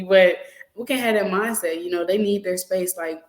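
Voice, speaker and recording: A young adult woman co-hosting a casual chat, lively and laughing often, with plenty of fillers. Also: medium pitch, fairly quick, roomy sound, low-quality recording. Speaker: podcast co-host.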